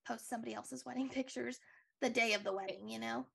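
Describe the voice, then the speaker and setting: A woman's voice: on the high side, fairly even intonation, fast, gravelly, a bit bright, husky. A young woman co-hosting a podcast, chatting casually and rambling with lots of likes and restarts. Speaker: podcast co-host. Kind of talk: casual recap chat.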